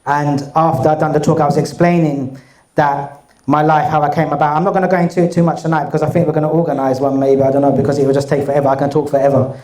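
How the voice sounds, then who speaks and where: A man's voice: little pitch movement, fast talker, a little mellow, roomy sound. A man, speaking with a cold, telling a rambling story to an audience and acting out the voices of others. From England. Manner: chatty, rambling, acts out dialogue with raised pitch. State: has a cold. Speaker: guest speaker. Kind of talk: casual storytelling talk to an audience.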